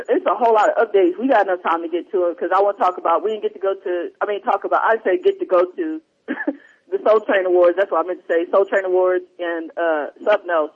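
A male podcast host with a husky, high voice rambles through a casual talk show chat, reading listener emails in a loose, distracted manner. He's wearing headphones on a remote line, and the sound is dull and lo-fi.

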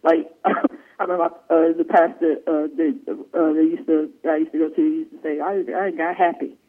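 A high-voiced man chats on a radio show, rambling through stories and breaking into laughter. The sound is thin and phone-like. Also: completely flat delivery, brisk. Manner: rambling, laughing, playful storytelling. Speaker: radio co-host. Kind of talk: joking radio chat. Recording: tinny phone-like radio audio.

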